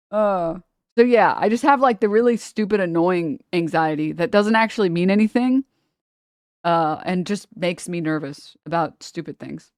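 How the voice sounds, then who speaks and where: A woman livestreamer chatting casually with her viewers and reading chat, rambling and animated, laughing often and swearing freely. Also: lowish voice, measured pace, no echo, clean studio sound.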